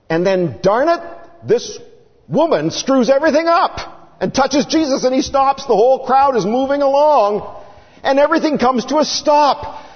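Lively dramatic male preacher in a hall. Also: high-pitched, normal speed. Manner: dramatic, acts out the people in the story. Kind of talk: sermon. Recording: dull sound with long reverb.

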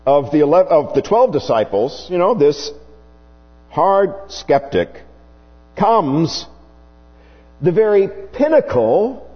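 Husky male preacher in a reverberant hall. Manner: slow, emphatic preaching with wide swings in pitch. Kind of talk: sermon. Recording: dull, hummy recording with long reverb.

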